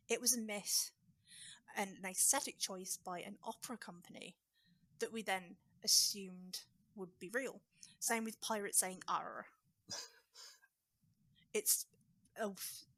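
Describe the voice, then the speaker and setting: A woman guest on a casual podcast, talking quickly and informally with lots of "like". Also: mid-range voice, a bit bright, dry recording.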